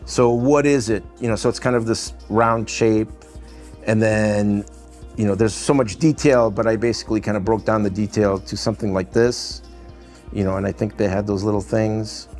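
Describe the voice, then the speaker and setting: A man's voice: on the low side, steady tone, moderate pace, darkish tone, soft background music. Russian-accented man, rambling interview chat. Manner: rambling, filler-heavy, often adds "you know" and "right?". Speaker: animation film director. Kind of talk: casual interview talk.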